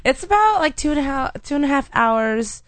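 A woman's voice: sits high, lively intonation, a little fast, dry recording. A woman guest on a radio show, chatting casually and giggling often.

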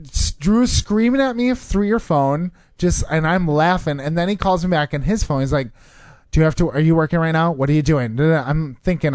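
Guy teasing his buddy, laughs a lot, swears, kinda high dry voice. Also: moderate pace, a little mellow, no echo. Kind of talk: casual storytelling chat.

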